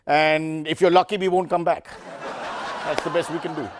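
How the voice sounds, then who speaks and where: Sarcastic comedy host. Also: male voice, a little high, level tone, moderate pace, background noise. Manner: sarcastic, self-mocking, rambling asides. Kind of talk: satirical news comedy.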